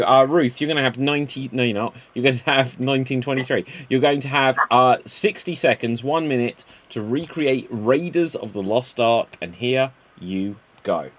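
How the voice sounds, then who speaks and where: Male improv host, brisk, jokey, chatty, mid-pitched. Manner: brisk, jokey, stumbling fillers. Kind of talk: hosting a live online improv show.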